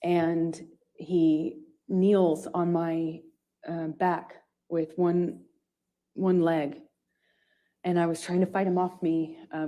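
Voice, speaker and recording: A woman giving courtroom testimony in a halting way, with many restarts and pauses. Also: fairly low pitch, mellow. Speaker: witness testifying.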